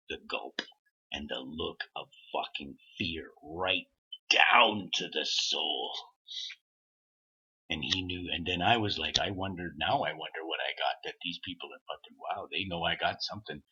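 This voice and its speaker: Husky guy ranting and cussing, low voice but bouncing all over, kinda muffled lo-fi sound. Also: bright, forceful tone. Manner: swearing, laughing at own stories. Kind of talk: rambling profane monologue. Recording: dull lo-fi audio.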